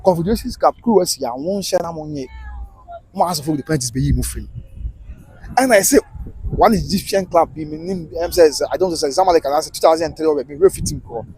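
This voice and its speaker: A Ghanaian man holds forth on a live stream, his fairly high voice a little husky. He rants in quick bursts, switching between Twi and English as he talks football. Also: animated, darkish tone, low-quality recording. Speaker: livestream football commentator. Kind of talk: casual live commentary.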